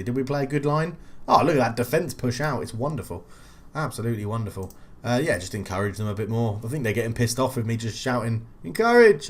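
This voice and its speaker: A young man hosting a football game playthrough, chatty and excitable, mumbling asides and shouting at goals. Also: mid-range voice. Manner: excitable, swings between mumbled asides and loud goal calls. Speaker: video game channel host. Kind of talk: let's play commentary.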